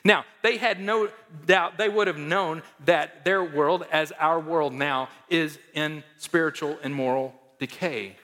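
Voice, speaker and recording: A man preaching a sermon as pastor, emphatic, swinging between loud declarations and hushed asides. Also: on the high side, measured pace, few pauses, big-room sound.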